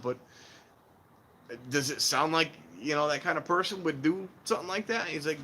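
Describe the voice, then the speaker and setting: A man hosting a casual trainspotting stream, rambling and animated, acting out the voices of people he quotes. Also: fairly high pitch, a little fast, slight background noise. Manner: warns viewers against scams. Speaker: railfan livestream host. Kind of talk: casual chat while filming trains.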